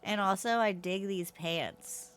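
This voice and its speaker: A woman's voice: medium pitch, takes it slowly, a little hiss or hum. A woman streaming a video game at home, chatting casually with her viewers and reacting aloud with frequent laughs.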